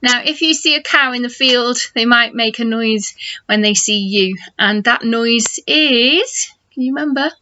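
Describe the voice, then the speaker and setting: A middle-aged woman teaching phonics to young children, slow and encouraging as she models sounds for them to copy. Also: a little high, sharp tone. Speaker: nursery teacher. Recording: dull lo-fi home video sound.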